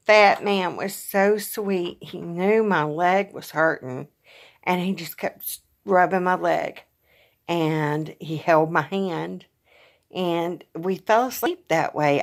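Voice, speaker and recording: Tired, halting woman, lowish voice. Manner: soft, halting, with frequent sighs and pauses. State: tired and in pain. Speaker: vlogger. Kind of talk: casual personal vlog.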